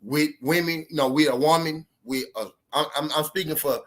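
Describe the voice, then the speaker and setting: This vlogger giving relationship advice has a fairly high, fairly bright voice at a moderate pace. He tells a relationship story to his viewers casually, in profane, repetitive, emphatic street talk that leans hard on his points.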